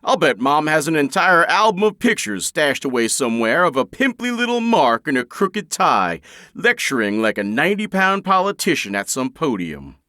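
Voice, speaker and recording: A man's voice: a little high, sing-song, moderate pace, sharp tone, dry recording, studio quality, pitched above the performer's own voice. A male audiobook narrator voicing a teasing young adult brother who goads and jokes. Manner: teasing, goading.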